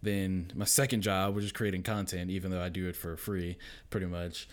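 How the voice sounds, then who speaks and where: A man in his thirties chatting as a podcast guest in a lowish voice. He rambles with plenty of restarts and fillers, then brings his stories to life by acting out other people's words. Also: fairly quick. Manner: animated storyteller who acts out quotes. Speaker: podcast guest, content creator. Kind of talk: casual podcast chat.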